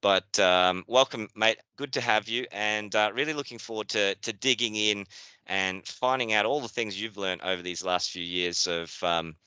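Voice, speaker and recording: A man with a New Zealand accent hosts a webinar in a chatty, casual manner. His voice sits low but sounds bright and crisp. The video call audio is dry and close. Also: normal speed, no echo. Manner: chatty, with many fillers and restarts. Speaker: webinar host.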